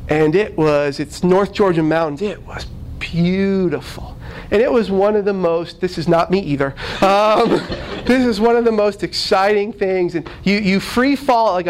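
High-voiced minister telling a funny story. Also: male voice, slight background noise, low-quality recording. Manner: animated, self-deprecating comic storytelling. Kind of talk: humorous sermon storytelling.

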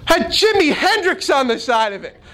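A man who is a minister, telling a humorous story from the pulpit in an animated, self-deprecating way. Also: very high-pitched, moderate pace, low-quality recording.

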